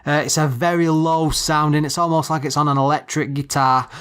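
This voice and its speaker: A man with a somewhat high voice talks through an old computer game in a relaxed podcast chat. He often stops partway through, restarts his sentences and searches for the right word. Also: clean tone. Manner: halting, searching for words with many restarts. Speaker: podcast co-host. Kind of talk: casual retro game review.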